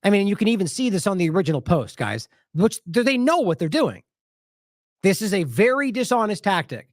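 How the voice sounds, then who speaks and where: A man's voice: sits high, sing-song, brisk, no echo, clean studio sound. A man giving casual independent news commentary, indignant and talking straight to his viewers while he reacts to social media posts.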